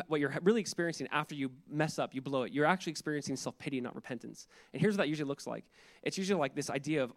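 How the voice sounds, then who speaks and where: A man preaching a sermon as pastor, in an earnest, conversational way, acting out inner prayers in quoted asides. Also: on the high side.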